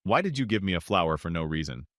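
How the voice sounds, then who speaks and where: A man voicing a shy, polite young woman, speaking softly. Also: deep voice, big pitch swings, quick pace, no echo, clean studio sound. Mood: puzzled.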